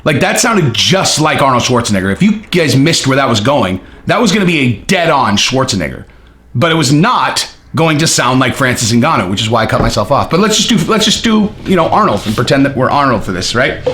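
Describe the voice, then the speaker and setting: A man giving a casual, jokey opinion monologue on fighting, animated and quick to break into impressions. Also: medium pitch, roomy sound. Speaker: MMA commentator.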